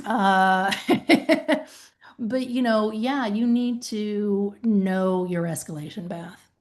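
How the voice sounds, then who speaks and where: A woman's voice: medium pitch, drawn-out words, darkish tone. A woman with a Southern US accent, a former claims manager, chatting on a podcast and acting out tough phone calls. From American South. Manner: emphatic, acts out phone calls in quoted voices. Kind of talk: casual podcast chat.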